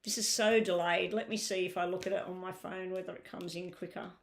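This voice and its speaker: A woman's voice: on the low side, fairly even intonation, fairly quick. Tired woman reading tarot live. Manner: chatty, asks viewers to clarify, filler-heavy. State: tired, voice crackling. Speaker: tarot reader on a live stream. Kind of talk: live-stream tarot reading, talking to chat.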